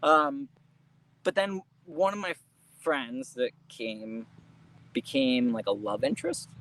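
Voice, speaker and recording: A man's voice: mid-range voice, takes it slowly, a bit bright, rough recording. A young adult man telling family stories as an interview guest, chatty and laughing often, with casual swearing.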